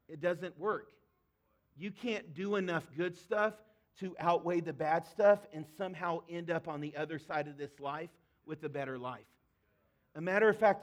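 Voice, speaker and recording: A man preaching a sermon as pastor, talking to his congregation in a conversational, earnest way and sometimes voicing pleading prayers. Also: high-pitched.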